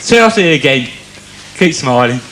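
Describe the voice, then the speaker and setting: A man's voice: on the high side, very animated, moderate pace, heavy background noise. A man doing a rambling stand-up routine, chatty and storytelling. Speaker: stand-up comedian.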